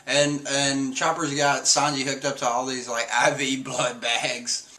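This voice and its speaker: A man's voice: medium pitch, flat delivery, measured pace, bright, forceful tone. A man casually recapping a manga chapter in a rambling way, full of fillers, often reading out character lines.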